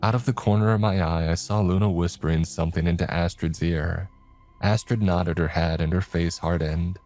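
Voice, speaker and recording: Man, very deep voice, horror story narration, measured, faint music under it. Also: steady tone, a little mellow. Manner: measured, dramatic.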